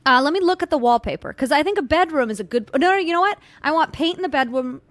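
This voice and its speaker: Lively high-voiced woman chatting over games. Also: fast, dry recording. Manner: laughing, swearing, playful. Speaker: co-host. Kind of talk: casual gaming chat.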